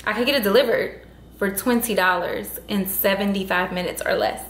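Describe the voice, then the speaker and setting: A woman's voice: mid-range voice, fairly quick, a bit bright, a little hiss or hum. Exasperated woman venting in a roomy room. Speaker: vlogger. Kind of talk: casual vlog talk to camera. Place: at home indoors.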